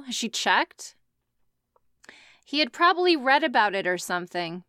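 A woman with a smooth, clear voice reads fan fiction aloud and keeps stopping to roast it. Her asides are sarcastic and full of swearing. The recording is close and dry. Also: high-pitched, lively intonation, measured pace, pushed and bright, no echo. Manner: sarcastic, profane, laughs often. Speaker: reader reacting to fan fiction. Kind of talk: reading aloud with comic commentary.

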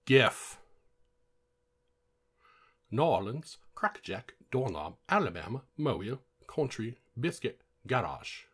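An American man doing a deliberately bad English accent, drawing out a slow, sing-song word list. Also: medium pitch, very animated, a bit bright, slightly rough, pitched above the performer's own voice, full character voice. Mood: hammy. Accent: mock English.

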